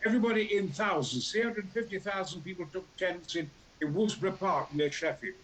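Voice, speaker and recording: A man in his eighties with a Yorkshire accent, a talk show guest telling stories theatrically and acting out the characters with booming outbursts. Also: a little fast, slight background noise, low-quality recording. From Yorkshire, England. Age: 80s. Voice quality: booming, larger-than-life delivery with sudden loud outbursts. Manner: animated storyteller who acts out every character.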